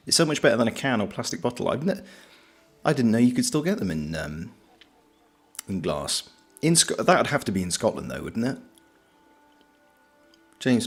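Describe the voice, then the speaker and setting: A man's voice: medium pitch, husky. A British man streaming, chatting casually and reading out viewer comments in a joking, self-deprecating, rambling way. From Britain.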